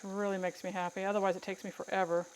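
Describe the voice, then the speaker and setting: A home canning vlogger cans beans during a casual cooking livestream, chatting with viewers, calling them by name, and joking and teasing herself as she works. Her medium-pitched voice is rapid-fire with little pitch movement, over slight background noise.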